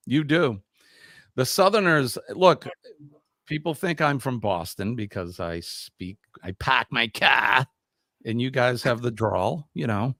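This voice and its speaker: A man's voice: medium pitch, no echo, clean studio sound. Upbeat man hosting a live stream. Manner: upbeat, reads viewer comments aloud. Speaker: host of a live quiz stream. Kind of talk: casual live-stream chat.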